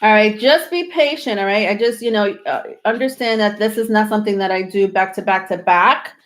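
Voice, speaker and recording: A woman's voice: mid-range voice, a little fast. Woman, tarot reader on a livestream, slightly breathless, loose reassuring chat. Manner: reassuring, rambling with many ums. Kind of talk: live tarot reading, casual chat to viewers.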